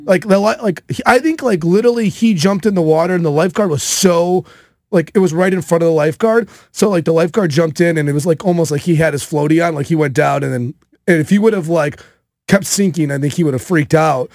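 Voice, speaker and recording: A man in his thirties hosting a podcast, telling a casual story in an animated way, with many fillers. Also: fairly high pitch, fast talker, no echo, studio quality. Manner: animated, filler-heavy with frequent "like". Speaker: podcast host.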